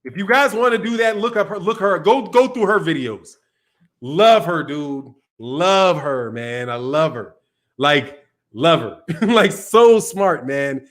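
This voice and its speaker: A man with a high-pitched voice chats loosely on a live stream, rambling from thought to thought. He drops slang like dog and man, restarts his sentences, and reacts to comments as he reads them. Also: unhurried, a bit bright. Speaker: boxing channel host. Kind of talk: casual livestream chat.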